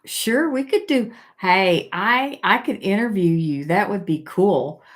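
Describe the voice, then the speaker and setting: This is an older woman on a laid-back live stream, her mid-range voice full of lively intonation. Reading viewer comments aloud, she stumbles along with plenty of fillers and fresh starts.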